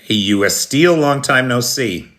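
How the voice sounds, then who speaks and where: A US-born news streamer with a mid-range, fairly bright, expressive voice talks a little slowly. Chatting casually on his live stream, he answers commenters by name and clears his throat often.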